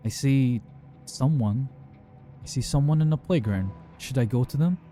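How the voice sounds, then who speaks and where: A terrified young woman, as a male narrator puts her on, stammers out broken, panicked phrases while she runs. The tone stays dark and mellow, with faint music beneath a horror storybook reading. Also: mid-range voice, normal speed, lightly acted. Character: frightened young woman fleeing a pursuer at night.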